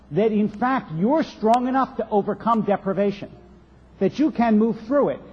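A man giving a sermon as a rabbi, telling stories in a measured way with rhetorical questions, recorded on dull lo-fi sound in a reverberant synagogue. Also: high voice, husky. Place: synagogue sanctuary.

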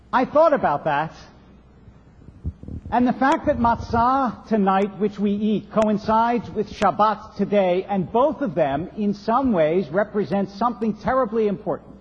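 A man giving a sermon as a rabbi, telling stories in a measured way with rhetorical questions, recorded on dull lo-fi sound in a reverberant synagogue. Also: high voice, a little hiss or hum. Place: synagogue sanctuary.

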